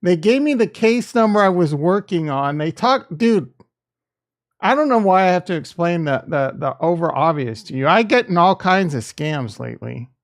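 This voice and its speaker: Reading his chat aloud, a man hosting a casual livestream responds directly, swinging between defensiveness and jokes. His voice is a bit high for a man, with a gravelly fry, and he talks in a sing-song way at a moderate pace.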